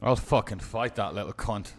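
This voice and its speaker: A man's voice: on the low side, normal speed, soft background music. Muttering, profane man streaming poker. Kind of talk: live-streamed game commentary.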